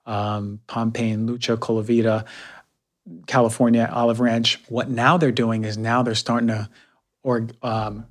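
A man hosting a podcast, talking casually and reviewing products, repeating himself with fillers. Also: medium pitch. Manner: chatty, repeats words, many fillers. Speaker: podcast host.

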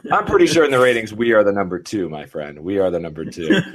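A man's voice: fairly low pitch, lively intonation, brisk, background noise. A man hosting a podcast, chatting casually and joking, with lots of fillers. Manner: jokey, laughing, filler-heavy. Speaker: podcast host.

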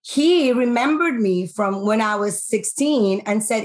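A woman's voice: a little high, expressive, a little slow. Earnest woman actress telling her story. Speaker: actress guest. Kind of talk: casual interview talk.

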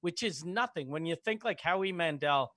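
Male comedian, slightly high voice, self-deprecating storyteller in a dead room. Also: animated, normal speed, bright, forceful tone, no room sound, studio quality. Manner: self-mocking, storytelling, profane. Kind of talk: casual podcast chat.

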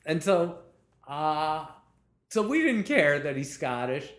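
A man, a television comedy writer, telling behind-the-scenes anecdotes in a lively way, laughing as he talks and acting out what people said. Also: fairly high pitch, slow pace, echoey room. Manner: lively storyteller, laughs while talking, acts out quotes.

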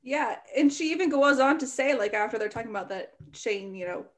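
Brief: woman co-host, high voice, loose fan chatter full of "like". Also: expressive, a little fast. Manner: fan-talk, loose with fillers like "like". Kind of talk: casual movie discussion.

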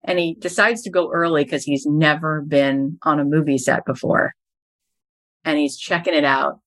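A woman's voice: low-pitched, fairly even intonation, normal speed, fairly bright tone. A middle-aged woman, a podcast host and business coach, telling stories as a guest in an interview and building each anecdote to its punchline.

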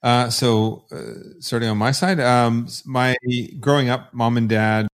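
A man's voice: medium pitch, fairly even intonation, unhurried. A man from Canada, a podcast guest telling rambling stories with frequent restarts. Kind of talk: casual interview storytelling.

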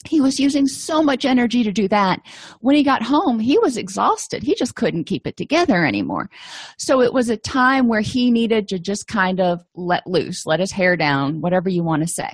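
A woman's voice: medium pitch, big pitch swings, moderate pace, slightly rough, no echo. A middle-aged woman presenting an educational lecture in a conversational, anecdotal way, with frequent fillers.

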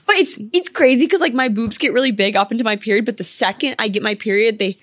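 A woman's voice: on the high side, quick pace, a bit bright, dry recording. A young woman co-hosting a podcast, talking candidly in casual chat and saying "like" a lot. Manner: candid, chatty, heavy use of "like". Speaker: podcast co-host.

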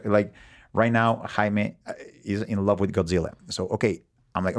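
Animated Mexican man telling stories. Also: normal speed, vocal fry. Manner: expressive, acts out quotes with big pitch swings, swears freely. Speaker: guest. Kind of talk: animated storytelling in conversation.

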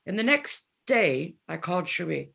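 A woman's voice: on the low side, moderate pace, creaky, husky. A woman in her seventies telling candid stories as a guest in a casual interview, acting out the lines of people she quotes. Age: 70s. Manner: candid, animated storyteller who acts out quoted dialogue. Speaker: guest musician.

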